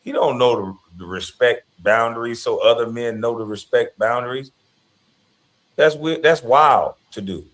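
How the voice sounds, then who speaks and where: A man's voice: mid-range voice, moderate pace, fairly bright tone. A man giving casual commentary in a blunt, preachy, moralizing way.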